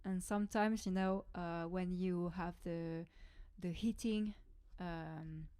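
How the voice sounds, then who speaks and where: Hesitant French woman, clear dry voice. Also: lowish voice, fairly even intonation, slow pace, dark tone, no room sound. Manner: hesitant, searching for English words. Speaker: drummer hosting a live lesson. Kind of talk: casual live-stream chat.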